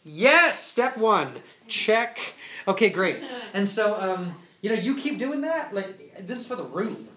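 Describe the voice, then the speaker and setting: A man preaching a testimony sermon to a congregation, telling the story in casual, slangy speech with bursts of excitement. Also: high-pitched, moderate pace, hardly any pauses. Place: church room. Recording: echoey room, faint noise.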